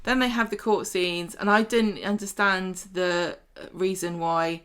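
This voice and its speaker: A woman, co-hosting a podcast and retelling episodes in a chatty, animated way with quick asides. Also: lowish voice, clean tone. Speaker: podcast co-host. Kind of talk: casual recap chat.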